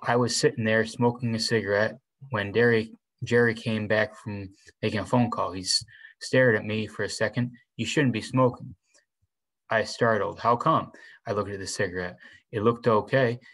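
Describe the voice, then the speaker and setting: Man reading a novel aloud, lowish voice. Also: steady tone, moderate pace, a bit bright, low-quality recording. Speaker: reader.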